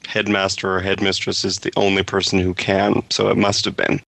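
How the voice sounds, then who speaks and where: A man co-hosting a casual fan podcast. His voice sits fairly low but sounds bright and forceful. He muses dryly on the story. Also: monotone, a little fast, gravelly, no room sound. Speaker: podcast co-host.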